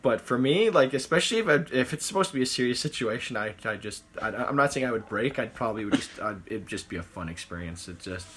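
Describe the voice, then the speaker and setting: A man's voice: medium pitch, animated, fast talker, few pauses, fairly bright tone, husky. A man co-hosting a podcast, asking curious questions and laughing easily in casual chat. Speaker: podcast co-host.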